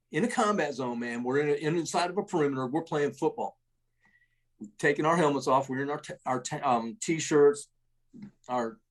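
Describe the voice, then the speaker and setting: A middle-aged man, an army veteran, telling war stories in a rambling, salty way, full of restarts and tags like "man" and "right?". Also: medium pitch. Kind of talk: casual war storytelling.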